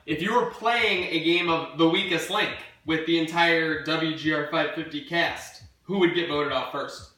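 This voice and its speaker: A man's voice: a little high, normal speed, hardly any pauses, sharp tone, heavy reverb, recorded from a distance. A man hosting a casual sports podcast, joking with his guest and explaining a game show. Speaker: podcast host.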